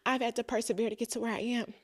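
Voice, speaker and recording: A woman guest on a podcast telling a personal, emotional story in conversation, earnest and animated when she quotes others. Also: on the high side, racing. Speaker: podcast guest, business owner.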